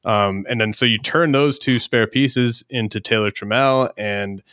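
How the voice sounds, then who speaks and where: A married man hosting a podcast, talking in a measured, casual way as he works through a topic. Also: mid-range voice, a bit bright, dry recording, studio quality. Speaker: podcast host. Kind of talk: casual chat.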